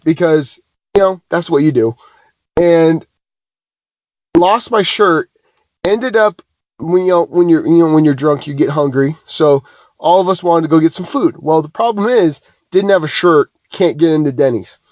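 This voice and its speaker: Podcast co-host, man, higher voice, animated rambling storyteller, dry muffled mic. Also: moderate pace, dry recording. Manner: animated, self-deprecating, many restarts. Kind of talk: casual chat, rambling storytelling.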